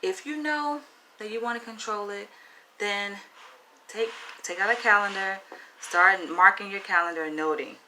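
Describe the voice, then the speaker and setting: A woman's voice: mid-range voice, normal speed, bright, forceful tone, slight background noise, low-quality recording. A woman with a Southern US accent talking frankly to camera in a casual, chatty advice vlog. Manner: frank, chatty, asks "right?" often. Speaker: vlogger.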